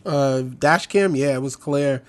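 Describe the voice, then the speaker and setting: A man's voice: on the high side, measured pace. A man from Brooklyn, a podcast guest telling stories in casual, profane, joking chat. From New York, Brooklyn.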